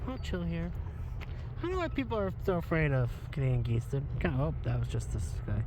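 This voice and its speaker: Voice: mid-range voice, huge pitch swings, quick pace, noisy background. A book reviewer chatting casually and enthusiastically, with many fillers, while walking outdoors by the water.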